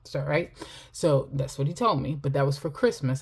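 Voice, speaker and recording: A woman's voice: very deep voice, a little fast, a little mellow, husky. A middle-aged woman telling a personal story while chatting casually to camera about her finances, laughing often.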